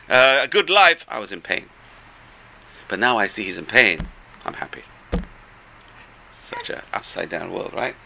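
A man giving a storytelling Torah talk, animated, swinging between loud bursts and soft asides, with a gravelly voice. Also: on the high side.

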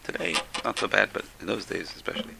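A man's voice: fairly low pitch, fairly even intonation, quick pace, vocal fry, bright, forceful tone, a little hiss or hum. A man who seems to be a rabbi, giving an informal religious talk full of stories. He is chatty, repeats his phrases and chuckles between points.

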